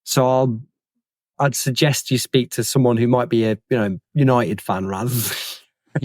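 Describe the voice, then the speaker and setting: A man talks through a casual podcast chat, rambling, restarting his sentences and filling gaps with ums. His voice sits at an ordinary middle pitch. It is recorded close and dry, with no room around it. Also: normal speed, no echo. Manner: rambling, full of fillers and restarts. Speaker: podcast host.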